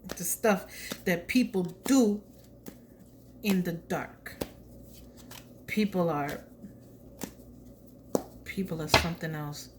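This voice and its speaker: Slow, blunt-talking woman tarot reader. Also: lowish voice, a little hiss or hum. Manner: slow, blunt and chatty, slangy asides; drops to a soft whisper when asking spirit. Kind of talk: casual tarot reading.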